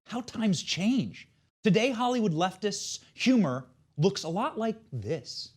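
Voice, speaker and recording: A man's voice: high voice, sing-song, slow pace, breathy edge. A man hosting a show, delivering scripted political commentary in a mocking, sarcastic way. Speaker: show host.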